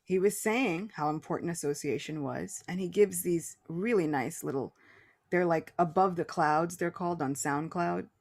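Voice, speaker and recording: A woman in casual spiritual conversation as a podcast guest, animated and laughing often, restarting her phrases. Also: lowish voice, normal speed.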